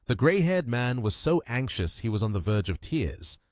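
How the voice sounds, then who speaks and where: A man narrating a story recap with steady, expressive storytelling. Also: mid-range voice, moderate pace, no echo, clean studio sound.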